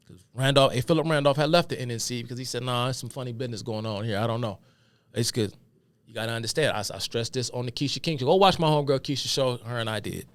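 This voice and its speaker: A man's voice: on the high side, no echo. A man speaking hosts a solo political commentary, reading quotes aloud and breaking off into heated, profane rants. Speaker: commentary host.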